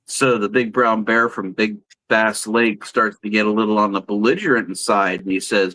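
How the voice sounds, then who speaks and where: A man's voice: on the low side, steady tone, moderate pace, hardly any pauses, fairly bright tone, low-quality recording. A man in casual chat on a live stream who tells long, playful jokes. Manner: playful, tells a long tongue-twister joke. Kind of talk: casual chat, telling a joke.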